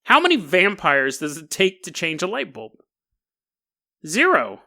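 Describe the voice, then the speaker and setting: Man, podcast host, casual comedic monologue, bright tone, wide-ranging pitch, wry, laughs mid-sentence. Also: wildly swooping pitch, a little slow, gravelly.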